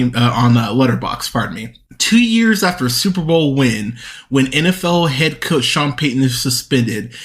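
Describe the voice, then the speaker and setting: A man with a mid-range, fairly bright voice hosts a movie podcast, ranting solo about bad films. He's profane and exasperated, often restarting his sentences.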